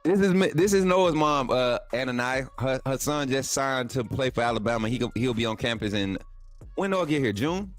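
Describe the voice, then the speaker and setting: A man hosting a casual livestream, talking loosely with his viewers and jumping up in pitch when he gets excited. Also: moderate pace, soft background music. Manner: laid-back, talks to chat as "man" and "y'all", pitch jumps up when excited. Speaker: livestream host. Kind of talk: casual livestream chat reading viewer comments.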